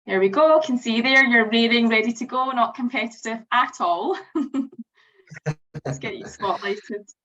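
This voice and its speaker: A woman's voice: fairly high pitch, measured pace, a bit bright, distant mic, lo-fi sound. A woman hosting an online event over a video call, upbeat and encouraging. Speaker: event host.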